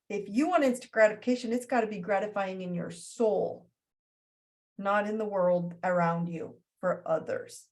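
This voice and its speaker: A woman hosting a spiritual astrology talk in an animated way, often slipping into playful character voices. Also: mid-range voice. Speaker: astrology host.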